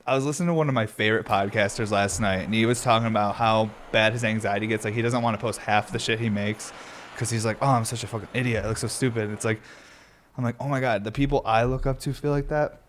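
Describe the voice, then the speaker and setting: A man's voice: fairly low pitch, steady tone, fast, a bit bright, a little hiss or hum. A young man hosting a podcast, rambling in a laid-back way with lots of swearing. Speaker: podcast host. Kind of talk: casual stoner podcast chat.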